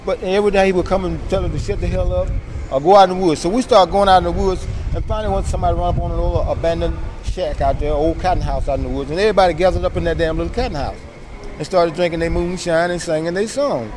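A man's voice: sits high, fast talker. A man telling stories in a casual chat, acting out voices as he goes. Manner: animated storyteller, acts out voices. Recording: noisy outdoor street recording.

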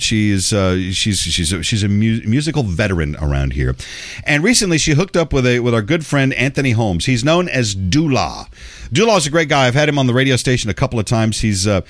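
A man's voice: lowish voice, no echo. Laid-back male radio host, dry sound. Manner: loose, rambling, chummy, with slang asides. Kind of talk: casual radio chat and ad reads.

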